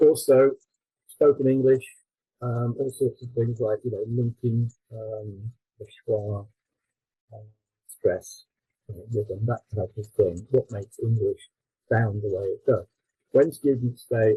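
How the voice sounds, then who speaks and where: A man presenting his textbook at a conference, explaining with fillers and quick self-corrections. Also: lowish voice, steady tone, warm tone, breathy edge, no echo, low-quality recording.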